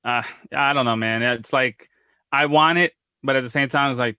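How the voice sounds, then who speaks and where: A man co-hosting a live toy collecting podcast, talking in an excitable, rambling way with frequent laughs and dry sarcasm. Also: mid-range voice, normal speed, clear, resonant tone, no room sound. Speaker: co-host of a toy collecting show. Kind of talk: casual live podcast chat.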